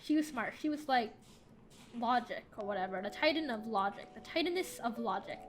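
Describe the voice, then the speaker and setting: A woman retells a story while drawing, wandering off track and correcting herself as she goes. Her voice is high and very lively, swooping up and down, with faint music behind. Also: fairly quick. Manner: rambling, self-correcting, easily sidetracked. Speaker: storyteller and artist.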